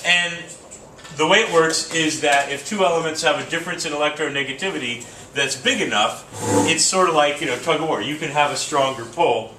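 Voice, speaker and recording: A man's voice: medium pitch, pushed and bright, slight background noise. A man teaching chemistry to a class, casual and joking, thinking aloud with fillers. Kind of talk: classroom lecture. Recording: roomy classroom from a distance.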